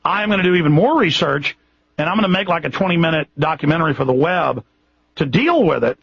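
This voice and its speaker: A man's voice: fairly high pitch, expressive, fast, creaky, husky, dry recording, dull audio. A Texan man hosting a radio show, talking in an impassioned, rambling way with frequent restarts. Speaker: radio host. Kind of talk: radio monologue.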